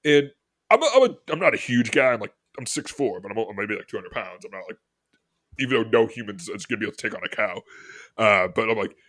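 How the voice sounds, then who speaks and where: A man's voice: fairly low pitch, animated, fast talker, a bit bright, no room sound, clean studio sound. A man telling a funny story on a casual podcast, laughing often as he talks. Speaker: podcast co-host.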